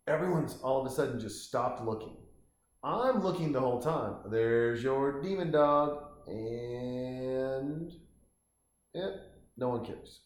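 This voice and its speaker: A man's voice: mid-range voice, roomy sound. A man giving casual, rambling commentary while watching a movie at home, swearing now and then. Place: home, lying on a couch.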